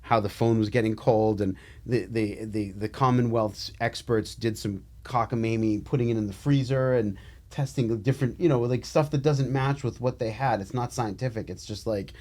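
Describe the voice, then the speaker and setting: Sardonic male attorney co-host, casual and halting. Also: mid-range voice, a little mellow. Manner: joking, sardonic, many fillers and restarts. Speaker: podcast co-host, trial attorney. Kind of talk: casual legal chat.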